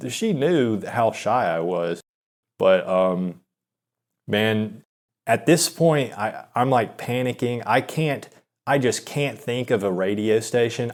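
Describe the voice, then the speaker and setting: A young man with a low voice tells a personal story as a confessional monologue. He rambles and halts, restarts his sentences, and keeps putting himself down. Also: a little mellow. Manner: rambling, halting, self-deprecating, many restarts and fillers.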